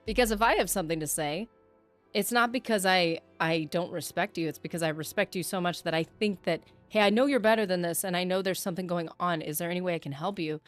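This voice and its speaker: A woman's voice: fairly low pitch, fast talker, soft background music. A woman streaming a game, chatting with her viewers in a reflective, talkative way. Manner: chatty and reflective, reads chat aloud. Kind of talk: casual livestream chat.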